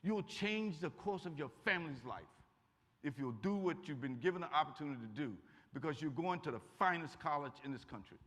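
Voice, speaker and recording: An older man with a bright, ringing voice tells stories to students in a folksy, joking way. He sits a bit above the usual pitch for a man. The sound carries the long echo of a large hall. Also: animated, fairly quick. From Kentucky. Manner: folksy, warm humor, acts out quotes. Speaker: guest speaker. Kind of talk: lively storytelling talk to students. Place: college auditorium. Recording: echoey hall.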